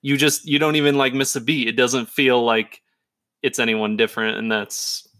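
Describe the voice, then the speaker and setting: A woman's voice: rumbling low, fairly even intonation, moderate pace, a bit bright. A woman co-hosting a podcast in casual chat, easygoing and agreeable, often chiming in with short replies. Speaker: podcast co-host.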